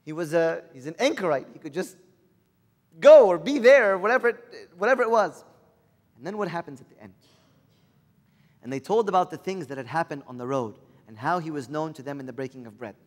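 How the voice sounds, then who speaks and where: A man's voice: a little high, expressive, fairly quick. A man preaching a sermon, earnestly putting rhetorical questions to his listeners. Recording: long reverb of a large hall.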